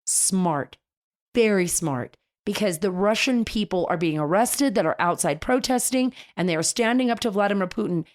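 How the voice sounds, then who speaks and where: A woman's voice: mid-range voice, normal speed. A woman hosting a political talk show, speaking in an enthusiastic, chatty way with frequent restarts. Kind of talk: casual political radio commentary.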